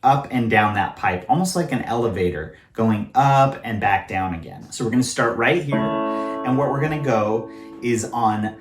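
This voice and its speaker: A man in his thirties from California gives a casual singing lesson to camera, demonstrating sounds with his own voice. His pitch is medium and his pace moderate. Music plays in the background.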